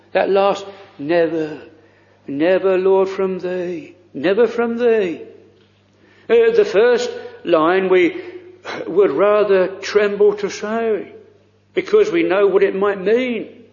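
A man preaching a sermon, earnest and halting, with many pauses and pleading questions to the congregation. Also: high voice, a little mellow. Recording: dull lo-fi church recording with long reverb.

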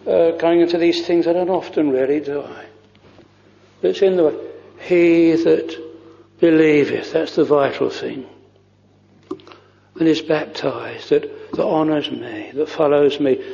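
A man delivering a slow, fervent sermon in an old-fashioned preaching manner. His voice is mellow and dark, and it sits a little high for a man. The recording is dull and lo-fi, with long reverb from the church around him. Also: vocal fry.

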